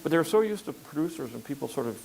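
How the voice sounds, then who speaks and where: An older man filmmaker in a relaxed interview conversation, talking in a rambling way with frequent fillers and restarts. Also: on the high side, fast talker, vocal fry, rough recording. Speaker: filmmaker guest.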